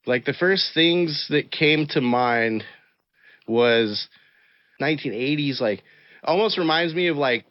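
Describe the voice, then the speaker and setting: A man's voice: on the high side, expressive, slow pace, dry recording. An enthusiastic man hosts a casual podcast, wandering through his questions with lots of "like" and "right?". His voice sits close and dry, with slightly muffled sound. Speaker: podcast host. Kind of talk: casual interview chat.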